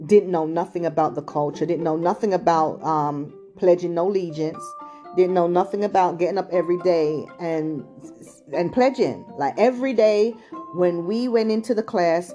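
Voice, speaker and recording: A woman's voice: on the low side, normal speed, warm tone, soft background music. A middle-aged British woman raised in England and Chicago, telling a casual, digressive childhood story full of "like" and "you know". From England, also raised in Chicago.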